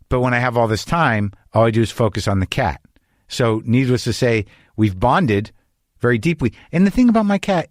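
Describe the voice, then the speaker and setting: A middle-aged man hosting a podcast, delivering an anxious, rambling, profane comic monologue in a deadpan way before chatting with a guest in his home studio. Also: medium pitch, no echo. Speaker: podcast host.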